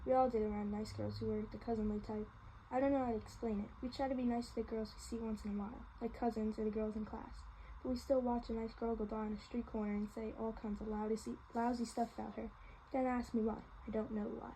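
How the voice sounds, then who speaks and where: A woman's voice: fairly high pitch, little pitch movement, fast, warm tone, a little hiss or hum, low-quality recording. A woman reading a novel aloud in a casual way, with small slips and restarts. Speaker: reader.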